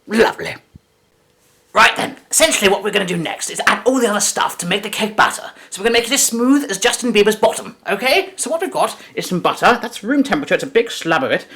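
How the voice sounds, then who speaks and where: A man's voice: sits high, animated, fast talker, pushed and bright. A man hosting a comic in-character cooking demo, jokey and rambling with self-correcting asides. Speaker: cooking video host.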